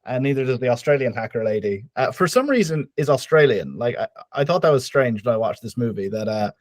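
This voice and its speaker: A man co-hosting a podcast in casual chat, with deadpan ironic humor. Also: mid-range voice, a little fast, no echo. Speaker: podcast co-host.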